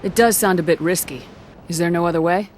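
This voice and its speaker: An actress playing a calm, decisive military commander in a video game, speaking in direct orders and questions. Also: female voice, on the low side, fairly quick, slight background noise, close to an everyday voice.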